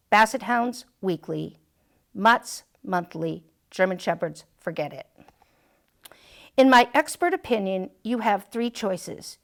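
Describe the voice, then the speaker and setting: A self-assured male dog advice columnist from a storybook, read out by a woman, confident and wry. Slow, deliberate delivery with a gravelly edge. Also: mid-range voice. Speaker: storytime reader. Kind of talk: reading a picture book aloud.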